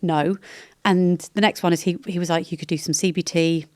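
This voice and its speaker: A woman's voice: lowish voice, steady tone, fairly quick, no echo, studio quality. A British woman in her thirties, a podcast guest, talking candidly in a chatty, rambling way that often interrupts itself. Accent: British English. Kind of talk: candid casual chat.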